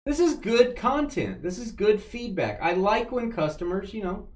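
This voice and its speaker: A man's voice: sits high, moderate pace. Playful man hosting a live stream. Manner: playful, joking banter with lively swings. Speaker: host of a live card break stream. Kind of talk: casual live-stream chat.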